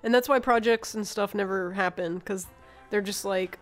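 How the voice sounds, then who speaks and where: A woman's voice: medium pitch, moderate pace. Woman chatting casually, lots of likes, faint music behind. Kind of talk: casual chat.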